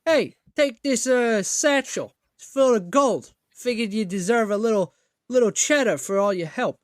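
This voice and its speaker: A man's voice: very high voice, expressive, normal speed, no room sound, studio quality, voice pushed up. A man voicing a pushy male merchant with an overplayed Boston accent and cocky street-tough patter. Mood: brash. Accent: exaggerated Boston.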